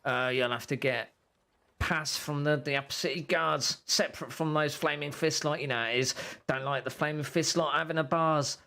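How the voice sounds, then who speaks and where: A man's voice: on the high side, fairly even intonation, normal speed, creaky, sharp tone. A man doing a chummy, smelly street informant.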